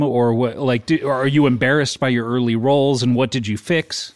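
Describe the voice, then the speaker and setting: A man co-hosting a podcast, talking in a casual comedic chat with deadpan jokes and playful mock questions. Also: mid-range voice, moderate pace, hardly any pauses, no room sound. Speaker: podcast co-host.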